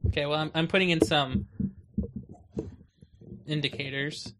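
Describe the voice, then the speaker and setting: A man's voice: on the high side, fairly even intonation, measured pace, background noise. A man hosting a podcast, casually directing his co-hosts during setup. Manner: bossy, directing the others. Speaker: podcast host. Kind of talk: casual chat.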